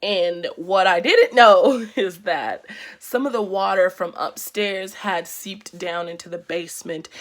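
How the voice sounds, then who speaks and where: Lively young woman telling a storytime. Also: fairly low pitch. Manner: animated, slangy storytelling with quick asides. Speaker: vlogger. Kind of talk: storytime vlog.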